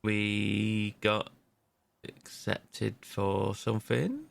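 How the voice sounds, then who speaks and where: A man co-hosting a podcast, talking in a dry, halting way in a casual chat. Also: lowish voice, steady tone, vocal fry. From United Kingdom. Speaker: podcast co-host.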